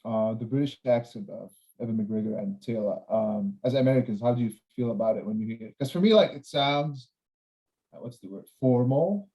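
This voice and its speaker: A man hosting a casual review chat, speaking carefully and pausing to search for the right words. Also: medium pitch, mellow, low-quality recording. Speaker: host.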